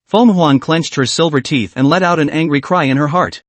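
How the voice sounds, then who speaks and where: A man narrating a fantasy comic recap in a dramatic, steady storytelling manner. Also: on the high side, moderate pace, hardly any pauses, no room sound. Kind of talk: scripted narration.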